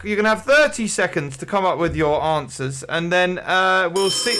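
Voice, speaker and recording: A man's voice: high voice, expressive, a little fast, hardly any pauses, noisy background. A man hosting an online quiz with jokey, rambling game-show patter. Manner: jokey, rambling, playful showman.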